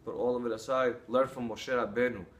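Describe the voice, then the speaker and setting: A man's voice: medium pitch, steady tone, fairly quick. A man preaching an earnest sermon, telling stories and drawing lessons from them. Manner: earnest, storytelling, with some restarts.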